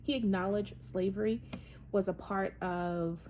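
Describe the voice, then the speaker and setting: A woman's voice: mid-range voice, fairly even intonation, unhurried, darkish tone, slight background noise. A woman hosting a casual opinion monologue, talking emphatically and animatedly, with many fillers and restarts. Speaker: podcast host.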